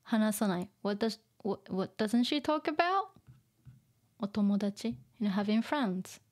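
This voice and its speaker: A woman teaching vocabulary through a manga, explaining slowly, repeating words and laughing often. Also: mid-range voice, lively intonation, a little mellow. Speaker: Japanese teacher. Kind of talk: manga reading lesson.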